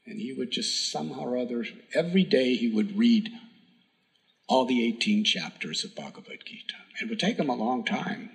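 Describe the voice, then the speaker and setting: Gravelly-voiced man telling a devotional story. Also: mid-range voice, expressive, normal speed, poor audio. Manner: earnest, emphatic storytelling with hushed whispered moments. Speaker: spiritual teacher. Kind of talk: storytelling sermon.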